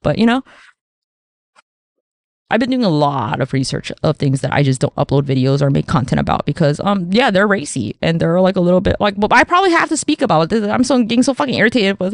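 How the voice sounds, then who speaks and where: A woman hosting a solo podcast, talking in a rambling, profane, animated way and acting out the voices she quotes. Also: lowish voice, vocal fry, no room sound, clean studio sound. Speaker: podcast host. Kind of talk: casual solo podcast monologue.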